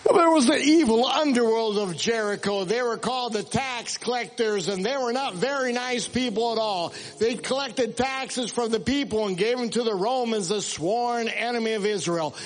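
A man's voice: very high voice, normal speed, hardly any pauses, rough recording. A man narrating a story at a live concert, introducing the musicians with playful puns.

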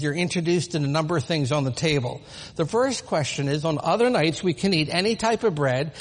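A man leading a live teaching demonstration before an audience, explaining patiently and asking rhetorical questions. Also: on the high side. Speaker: presenter of a Passover seder demonstration. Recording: long reverb of a large hall.

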